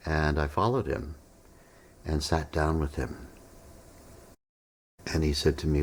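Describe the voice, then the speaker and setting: A deep, low-pitched middle-aged man tells a personal story in a relaxed monologue. He is self-deprecating, voices the other people's lines as he goes, and chuckles often. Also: moderate pace, pauses often. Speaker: meditation teacher telling a personal story.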